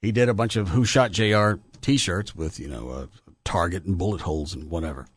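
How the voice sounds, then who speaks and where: A man's voice: deep voice, fairly quick, breathy edge, dry recording, studio quality. A man in his fifties hosting a radio show, chatting casually and telling rambling stories. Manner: rambling storyteller, lively. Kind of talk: casual chat.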